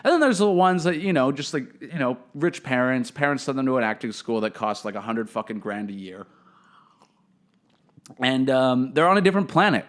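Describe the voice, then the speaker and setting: A young man telling profane, animated stories as a podcast host, swinging between loud outbursts and muttered asides. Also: mid-range voice, normal speed. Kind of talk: casual comedic storytelling.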